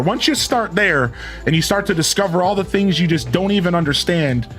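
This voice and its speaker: A man's voice: high-pitched, animated, moderate pace, fairly bright tone, faint music behind. A man in his thirties rambling casually with his live-stream viewers, chuckling and thanking them by name. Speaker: game streamer.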